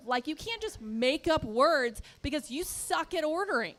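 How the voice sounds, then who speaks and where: A woman's voice: sits high, expressive, moderate pace, few pauses. A woman from Texas doing a stand-up comedy set in a comedy club, telling stories and acting out quoted voices on a handheld stage mic. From born in Texas, raised Midwest and Washington. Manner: storytelling, acts out quoted voices.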